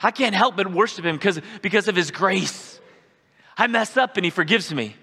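A pastor delivering a sermon in a fairly high, bright, forceful voice. He talks conversationally, checks in with "right?" again and again, and now and then bursts into a shout. The sound carries the long reverb of a church sanctuary. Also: animated, moderate pace, vocal fry, husky.

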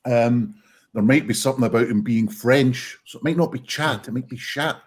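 A man hosting a casual online comedy show, relaxed and joking as he wraps up a round. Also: mid-range voice, a little fast, slightly rough. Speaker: show host. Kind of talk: casual live-stream chat.

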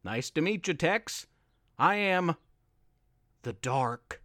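Man voicing a storybook cave monster: slow, deep, menacing, dry close sound. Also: expressive, fairly bright tone, dry recording.

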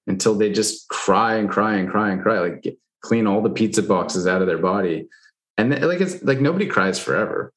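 A man's voice: low-pitched, moderate pace. A man talking candidly in casual conversation, loose and frank, with lots of fillers and the odd swear.

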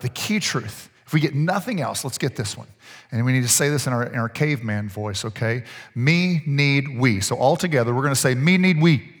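A man preaching a sermon as pastor, energetic and coaxing, repeating key phrases to his congregation. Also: mid-range voice. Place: church hall. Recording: echoey church hall with long reverb.

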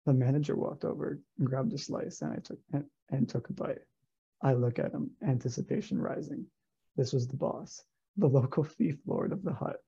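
A man co-hosting a livestream, reading a story aloud in a low-key, gravelly way and chatting casually. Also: normal speed, warm tone, muffled recording.

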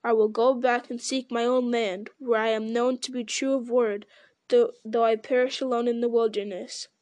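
A woman's voice: fairly high pitch, steady tone, normal speed, darkish tone, no room sound, close to an everyday voice. A woman reading aloud the lines of a stubborn, proud male dwarf warrior who talks in a defiant way. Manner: obstinate, defiant.

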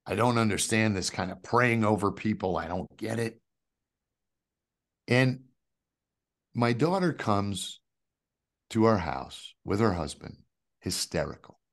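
A man, telling a personal faith story as a guest, jumping from loud outbursts to hushed asides. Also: fairly low pitch, animated, takes it slowly, creaky, long pauses. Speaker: guest giving a faith testimony. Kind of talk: animated storytelling.

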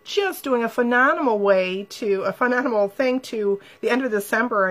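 A woman hosting a live stream, talking casually and emotionally to viewers and reading their comments aloud. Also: medium pitch.

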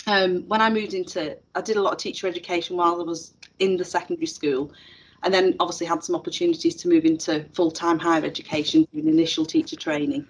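A woman's voice: lowish voice, fairly even intonation, fast talker, husky, rough recording. A middle-aged woman, a teacher educator telling stories in an interview with many fillers and restarts. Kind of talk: casual interview chat.

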